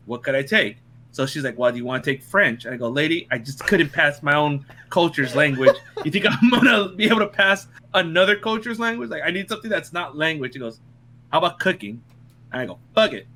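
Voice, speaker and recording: A man's voice: fairly high pitch, bright, forceful tone, a little hiss or hum. A young man casually telling funny stories to friends, laughing often and swearing freely. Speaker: podcast co-host. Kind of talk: casual storytelling among friends.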